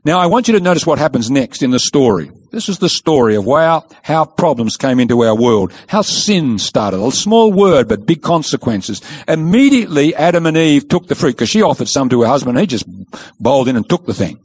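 Lively preaching man, emphatic. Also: medium pitch, a little fast, husky. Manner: emphatic storytelling, asks rhetorical questions. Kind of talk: sermon.

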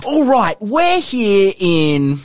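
A man putting on an excitable male wildlife presenter with an Australian accent, loud and exclaiming. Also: sits high, drawn-out words, no room sound, studio quality, pitched above the performer's own voice, heavily acted. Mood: excited.

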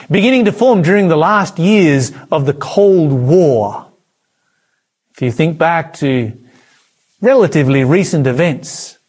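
A man's voice: a little high, a little mellow. A man preaching a prophecy sermon, emphatic, with dramatic rises and drops in his voice.

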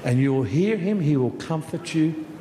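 An Australian man preaches as pastor in a fairly high voice. He drops to a hush, then builds again and repeats his key phrases for emphasis. The sound carries a roomy echo with a long hall tail and faint ambience behind. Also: animated, normal speed, a little hiss or hum. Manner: swings from hushed to rousing, repeats phrases for emphasis. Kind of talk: sermon.

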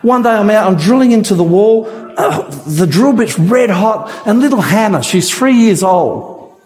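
A man's voice: sits high, animated, a little slow, darkish tone. A man preaching an evangelistic sermon, impassioned and pleading, driving his points home with emphatic repetition.

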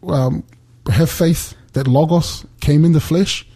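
A middle-aged man giving an earnest faith talk over a call, speaking haltingly with many restarts. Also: a little high, steady tone, warm tone, breathy edge. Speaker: guest speaker.

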